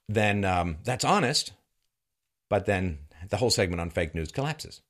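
Sardonic man with an animated delivery. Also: moderate pace. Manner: sardonic, mocking, with lively swings in pitch and bursts of laughter. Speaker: commentator. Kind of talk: monologue commentary.

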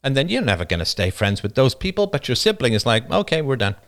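A man's voice: very animated, quick pace, fairly bright tone. A man hosting a livestream, talking passionately and rambling through personal stories, often laughing at them. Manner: passionate, rambling storyteller who laughs at his own stories; acts out quoted people in a higher voice. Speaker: livestream show host. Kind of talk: unscripted monologue on a livestream.

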